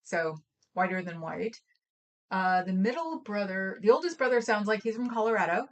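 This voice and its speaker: A woman's voice: medium pitch, animated, moderate pace, lo-fi sound. A woman from Oakland, California, co-hosting a livestream in casual, rambling chat full of stories and fillers. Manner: rambling, storytelling, trails off with fillers. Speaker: livestream co-host.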